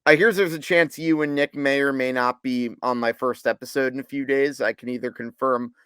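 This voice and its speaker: A man's voice: mid-range voice, fairly even intonation, brisk, a bit bright, smooth, no echo. A man co-hosting a sports podcast, chatting casually with dry, sarcastic asides. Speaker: podcast co-host.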